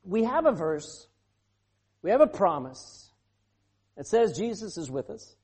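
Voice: mid-range voice, big pitch swings, measured pace, pauses often, darkish tone, husky. A pastor preaching a sermon, asking the congregation rhetorical questions and acting out quoted speech.

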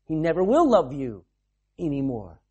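A male preacher delivers a sermon in a lively, conversational manner, talking straight to his listeners. His voice is husky and mellow. His pitch swings widely as he speaks. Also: normal speed, lo-fi sound. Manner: animated, conversational preaching with asides and laughs.

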